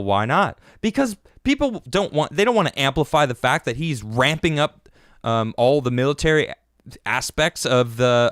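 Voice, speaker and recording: A man's voice: fairly high pitch, no echo, studio quality. A man hosting his own political commentary podcast, delivering a sarcastic, mocking rant. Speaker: podcast host.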